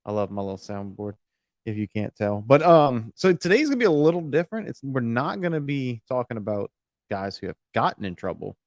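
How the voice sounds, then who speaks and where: A man's voice: medium pitch, very animated, fairly quick, dry recording. A man hosting an outdoors podcast in a rambling, jokey way. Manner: rambling, jokey, self-interrupting. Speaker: podcast host. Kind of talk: casual podcast chat.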